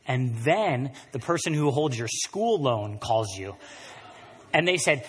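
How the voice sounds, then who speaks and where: A man preaching a sermon as pastor, animated, swinging between quiet and loud passages. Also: mid-range voice, moderate pace, slightly rough. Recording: long reverb of a large room.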